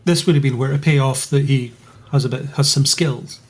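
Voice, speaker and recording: A man's voice: mid-range voice, fairly even intonation, a little fast, breathy edge. A man, a guest on a podcast, chatting casually in a thoughtful, dryly amused way. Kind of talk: casual chat.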